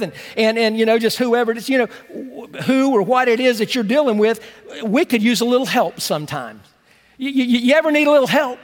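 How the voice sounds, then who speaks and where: A man preaching a sermon as pastor in a church, talking conversationally, repeating words as he starts sentences and slowing down to stress key phrases. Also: very high-pitched, big-room sound. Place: church sanctuary.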